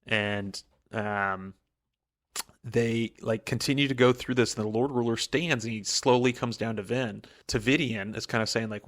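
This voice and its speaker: A male podcast co-host recapping a novel in casual chat. His voice sits in an ordinary middle pitch for a man. He rambles, stacking "like" and "um" as he goes. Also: steady tone, normal speed, a bit bright. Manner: rambling, lots of "like" and "um".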